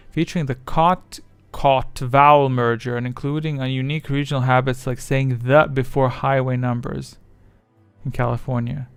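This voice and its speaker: A man's voice: mid-range voice, smooth, dry recording. A man chatting casually on his livestream, rambling and self-deprecating as his thoughts wander. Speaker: streamer.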